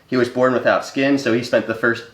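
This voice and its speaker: A man conducts an interview in a gentle, friendly way, keeping a playful edge. His voice sits at a middle pitch, and the recording carries a roomy echo. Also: fairly even intonation, brisk.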